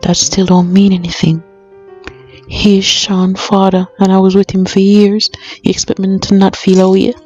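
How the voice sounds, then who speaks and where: A woman with a Jamaican accent voicing a grieving mother in a cartoon, soft and often whispery. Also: mid-range voice, monotone, normal speed, muffled recording, soft background music, close to an everyday voice. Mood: hurt. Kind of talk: cartoon voice acting.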